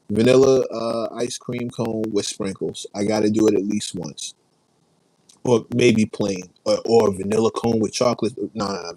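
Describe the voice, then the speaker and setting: A man's voice: on the low side, a little mellow, no echo, poor audio. Laid-back New man chatting live. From New York. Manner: rambling, laid-back, reads and answers chat. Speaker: livestream host. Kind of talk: casual livestream chat.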